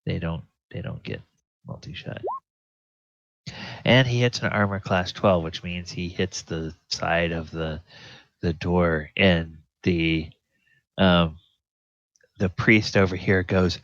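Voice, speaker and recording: A man with a very deep voice narrates a tabletop game as its dungeon master, taking his time and pausing on fillers. The sound is dry and close, with a dull lo-fi quality. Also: fairly bright tone, no room sound. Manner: unhurried, halting with fillers.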